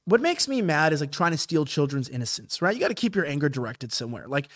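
A man hosting a casual podcast chat, talking in an animated, incredulous and profane way. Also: fairly high pitch, fast talker, no echo, clean studio sound.

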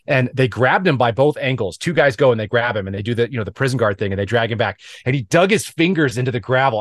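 A man hosting a podcast interview, chatting freely and telling long, lively stories. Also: medium pitch, dry recording, studio quality. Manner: lively rambling storyteller. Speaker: podcast host. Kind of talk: conversational interview.

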